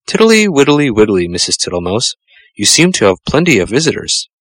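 A man voicing a slow, greedy old male toad who is jovial and pushy, with drawn-out, sing-song repetitions. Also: medium pitch, big pitch swings, a bit bright, husky, no room sound. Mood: cheerful.

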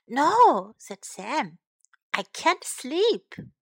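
A woman voicing a sleepless little boy who worries about his missing dog, speaking slowly and pleadingly. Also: high-pitched, very animated, no room sound, studio quality, voice pushed up, full character voice. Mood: worried.

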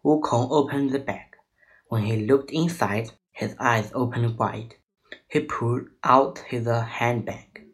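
Male storyteller reading to kids; unhurried, careful, non-native phrasing. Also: mid-range voice, steady tone, poor audio. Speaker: storyteller for children.

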